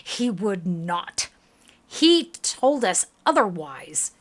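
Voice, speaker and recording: A woman's voice: medium pitch, big pitch swings, extremely slow, exaggerated voice. A woman with a Southern US accent voicing a towering, stern bearded male warrior who issues threats, read aloud from game text.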